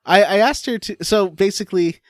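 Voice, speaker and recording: A man's voice: high voice, brisk, no room sound, studio quality. A man co-hosting a podcast, rambling casually and hesitantly about a video game. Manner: rambling, hesitant, lots of uh and restarts. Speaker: podcast co-host.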